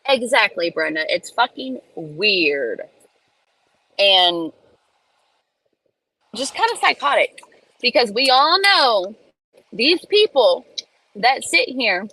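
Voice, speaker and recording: Slow, blunt, profane woman ranting from her car. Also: fairly high pitch, sharp tone, no room sound, poor audio. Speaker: livestream host. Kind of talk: casual livestream rant. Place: in a parked car in a school pickup line. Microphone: phone.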